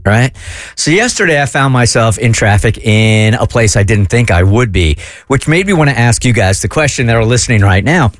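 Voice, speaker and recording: Middle-aged man, radio host, animated pitch, dry studio sound, casual banter. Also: dry recording. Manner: lively, laughing, conversational.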